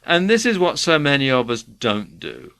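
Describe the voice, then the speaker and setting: A man's voice: mid-range voice, wildly swooping pitch, moderate pace, a bit bright. A man giving earnest, conversational self-help advice to the viewer. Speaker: self-help video presenter. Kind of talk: motivational talk to camera.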